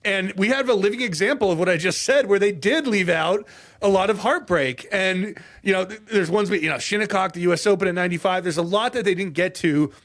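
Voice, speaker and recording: A man with a somewhat high voice co-hosts a casual sports podcast. He tells the story with animated, jokey flair and laughs often as he talks. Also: brisk. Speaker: podcast co-host. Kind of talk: casual golf history chat.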